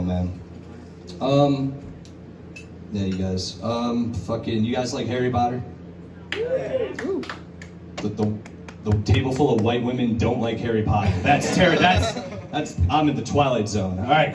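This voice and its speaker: A male stand-up comedian doing a crude, conversational set at a brewery show, jumping into high, put-on voices to act out scenes. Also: sing-song, unhurried, pauses often, background noise. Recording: roomy bar recording from a distance. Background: audience laughter and bar ambience.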